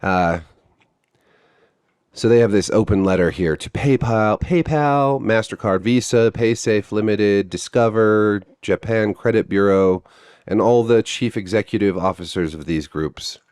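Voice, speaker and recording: A man's voice: lowish voice, measured pace, darkish tone, clear, resonant tone. A man giving blunt, profane, sarcastic commentary on video games.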